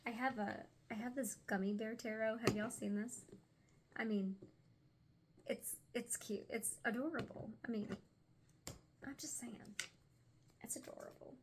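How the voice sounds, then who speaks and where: A young woman with a slightly high voice talks loosely through a tarot card reading from home. She stumbles over a word here and there and slips into a soft whisper at times. Faint background noise sits under her voice. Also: fairly even intonation, a little slow, long pauses. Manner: chatty and unpolished, stumbles over words, drops into whispers. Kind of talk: casual card reading vlog.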